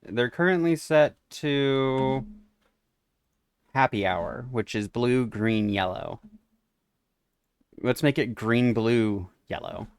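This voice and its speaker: A man's voice: medium pitch, takes it slowly, long pauses, smooth, dry recording, clean studio sound. A man who streams games, giving casual let's-play commentary and reading the dialogue aloud with wry asides. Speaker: game streamer.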